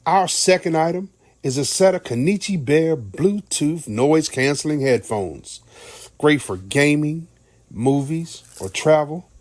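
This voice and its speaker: A man reading out a raffle announcement in a measured way, spelling out letters. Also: fairly high pitch, animated. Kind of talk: read announcement.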